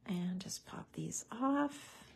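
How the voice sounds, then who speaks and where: A woman's voice: mid-range voice, expressive, slow pace, creaky, slightly rough. A woman hosting a live crafting tutorial, chatty and bubbly, with many fillers.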